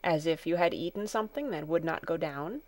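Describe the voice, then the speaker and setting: A woman reading a storybook, voicing a kind, calm male doctor who speaks in a gentle, soothing way. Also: deep voice, fairly quick, voice pushed down, lightly acted.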